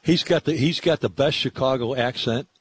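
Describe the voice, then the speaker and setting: A man hosts sports radio at a normal speed and medium pitch, casually chatting about the local games in a friendly, rambling manner.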